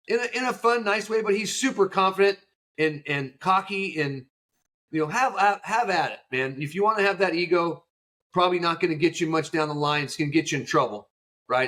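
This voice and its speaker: A man, a youth baseball coach, answering as a podcast guest in an animated storytelling way, acting out quotes. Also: on the high side.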